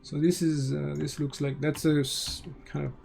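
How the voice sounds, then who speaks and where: A man's voice: fairly high pitch, little pitch movement, normal speed, gravelly, a little mellow, soft background music. A man with a French accent giving casual, think-aloud commentary while streaming a game, often restarting his sentences.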